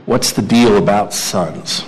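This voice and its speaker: A man's voice: fairly low pitch, takes it slowly, noisy background. A man leading a men's Bible study, talking conversationally and putting questions to the group. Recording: echoey hall.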